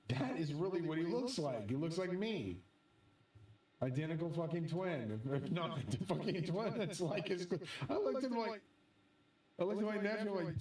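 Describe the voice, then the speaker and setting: Brief: excitable, swearing male host, fairly high voice, rambling monologue, roomy echo, set back from the mic. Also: normal speed, distant mic. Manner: profane, excitable storytelling. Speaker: channel host.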